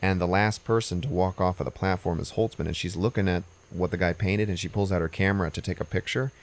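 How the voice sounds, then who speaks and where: A man with a very low, deep voice hosts a podcast and walks through a movie's plot. His delivery is loose and rambling, casual, with the odd curse thrown in. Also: fast talker. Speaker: podcast host.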